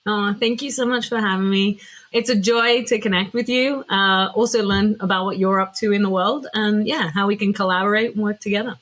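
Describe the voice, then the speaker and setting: A woman's voice: mid-range voice, steady tone, brisk, fairly bright tone. A middle-aged woman with an Australian accent, talking as a podcast guest in a reflective way with frequent hesitations. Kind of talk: casual interview chat.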